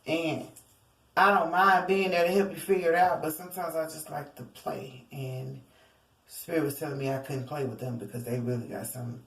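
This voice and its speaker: A tarot reader gives her viewers a casual reading, rambling and theatrical and often calling them y'all. Her voice is low with fairly even intonation at a moderate pace. The recording has a roomy echo, and she sounds distant from the mic.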